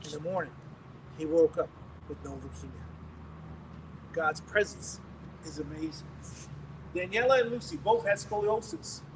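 Guy preaching, telling a story and doing everyone's lines, kinda high voice, mic's far off. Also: normal speed, pauses often. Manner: storytelling, acting out quoted voices. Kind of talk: sermon testimony. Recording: distant mic with faint noise.

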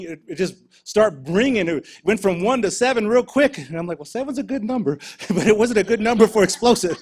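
A man preaching, telling a lively travel testimony with laughter, then leading a prayer. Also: fairly high pitch. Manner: storytelling, animated, laughs between lines.

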